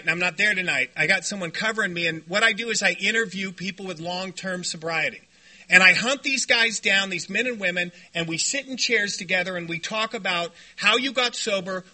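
A man speaking to a recovery meeting, telling stories in an animated, joking way and shouting when he acts out what others said. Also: high voice. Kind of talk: storytelling talk to a meeting. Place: meeting room before a group.

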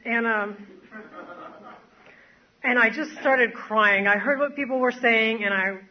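In dull audio, a woman with a voice on the high side slowly recounts her recovery to a group while standing before them. Her testimony rambles, packed with fillers and self-deprecating laughter.

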